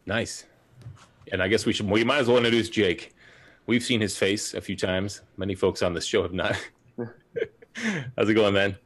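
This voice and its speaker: A man co-hosts a casual podcast and talks in a low voice. He rambles on in a relaxed, chatty way and drifts from one aside to the next. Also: moderate pace, pauses often. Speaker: podcast co-host.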